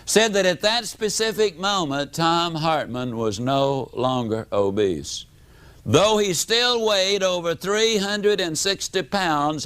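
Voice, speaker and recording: A man, giving a motivational seminar talk as a storyteller, animated, with dramatic swings in pitch and loudness. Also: clean tone. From United States. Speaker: motivational speaker.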